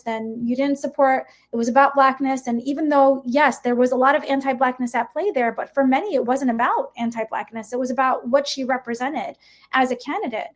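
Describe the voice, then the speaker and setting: A middle-aged woman from the United States, a guest educator in a podcast interview, speaking in an impassioned, emphatic way and often adding a rhetorical "right?". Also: high voice.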